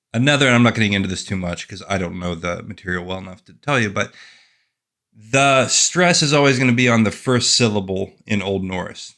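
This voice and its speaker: An author hosts his own fantasy fiction channel in a casual talking-head monologue, his voice on the low side, expressive and fairly bright. He talks at a brisk clip and drifts into wry, self-deprecating asides.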